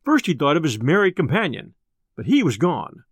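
Expressive male audiobook narrator. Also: a little high, moderate pace, slightly rough, no room sound, studio quality. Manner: expressive, lilting reading. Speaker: storyteller. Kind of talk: audiobook narration of a classic tale.

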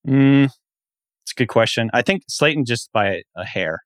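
A man co-hosting a sports podcast in casual chat, steady as he lays out statistics at length. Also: mid-range voice, unhurried, dry recording. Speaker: podcast co-host.

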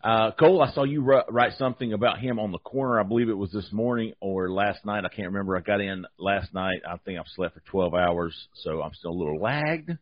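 A podcast host with a lowish, brisk voice runs a casual sports talk show, joking, rambling, and restarting his sentences with few pauses. The podcast audio is slightly muffled, with no echo.

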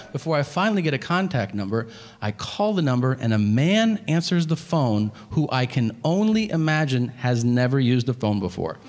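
A man's voice: mid-range voice, long reverb tail. A man doing stand-up storytelling on stage, profane and exasperated, with sarcastic asides. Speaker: stand-up comedian. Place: comedy venue stage. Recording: live stage with background noise.

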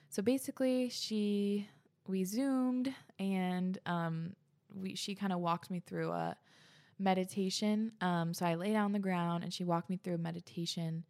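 A woman's voice: fairly low pitch, creaky. A woman talking casually to her viewers, rambling and full of fillers, sometimes laughing at herself. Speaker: vlogger. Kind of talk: casual chat to camera.

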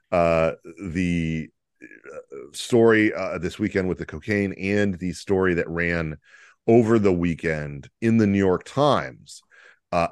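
A deep-voiced man talks through the news in a loose, joking podcast chat. He rambles, restarts and fills gaps with "uh" while chuckling. The sound is dry and close. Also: no room sound. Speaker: podcast co-host. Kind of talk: casual political comedy chat.

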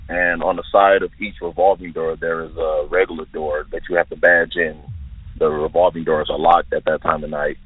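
Deep husky man on a tinny phone line. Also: no echo. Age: 20s. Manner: careful, detailed, earnest storytelling. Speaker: listener sharing an encounter. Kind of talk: recounting a personal eerie experience.

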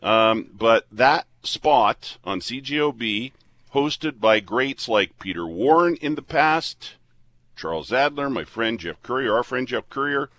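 A radio host from Canada in his fifties, speaking in a plain middle-pitched voice. He talks earnestly and rambles, restarting his sentences often. The sound is that of a studio. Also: animated, measured pace, fairly bright tone, no echo. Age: 50s. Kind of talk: casual on-air chat.

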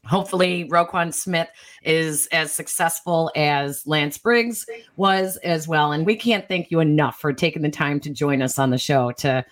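A woman hosting a podcast, asking questions in a casual, warm interview manner. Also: low voice, moderate pace. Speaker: podcast host.

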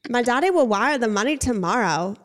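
A woman's voice: a little high, lively intonation, brisk, lightly acted. Woman doing a haughty con-artist impression. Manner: loud, demanding, dismissive.

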